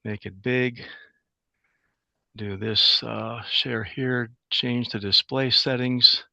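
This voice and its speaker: A man giving a relaxed, plain-spoken webinar presentation as a guest engineer over a video call. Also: medium pitch, slow, gravelly, no room sound, muffled recording. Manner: plain, relaxed, narrates his screen sharing. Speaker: guest speaker, utility engineer.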